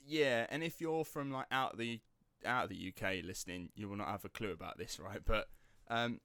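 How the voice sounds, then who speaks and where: Podcast host, English man, Estuary accent, lively storyteller who swears casually, lowish voice. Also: normal speed, no echo. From England. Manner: animated storyteller, swears freely. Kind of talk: casual chat.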